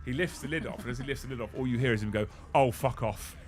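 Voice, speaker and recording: A man hosting a casual chat, telling an animated story and swearing freely. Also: medium pitch, very fast, soft background music. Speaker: host.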